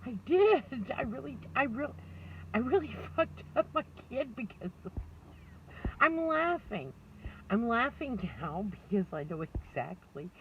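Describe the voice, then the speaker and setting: A woman's voice: a little high, big pitch swings, unhurried. A middle-aged woman rambling candidly to camera, laughing often and mocking herself. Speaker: vlogger. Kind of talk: candid personal monologue. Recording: distant, dull lo-fi mic with faint noise.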